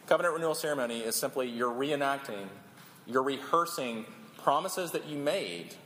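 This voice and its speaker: A man's voice: medium pitch, expressive, normal speed, pushed and bright. A man preaching a sermon as pastor, earnest, often repeating words as he builds his points. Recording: long hall reverb, faint room noise.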